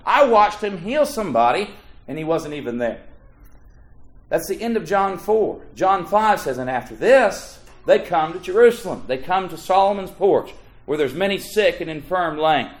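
A man in his thirties preaching a sermon, swinging between hushed low phrases and loud rising emphasis as he quotes scripture in old-fashioned wording. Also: animated, normal speed. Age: 30s.

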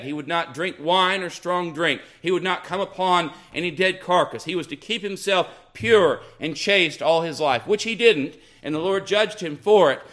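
A man's voice: fairly high pitch, fairly bright tone. Emphatic preacher man. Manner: emphatic, rising and falling with repeated phrases. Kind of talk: sermon.

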